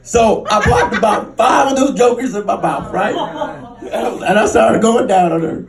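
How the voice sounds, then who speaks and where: A man doing a stand-up comedy set, telling crude stories with an animated delivery and squealing into high voices for other people. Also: moderate pace, gravelly, a crowd in the background. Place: comedy club stage. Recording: roomy club sound, mic a bit distant.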